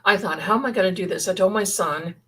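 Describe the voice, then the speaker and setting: A woman's voice: medium pitch, quick pace, a bit bright, slightly rough, low-quality recording. A middle-aged woman hosting a livestream, chatting in a rambling, casual way and thinking aloud. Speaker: livestream host.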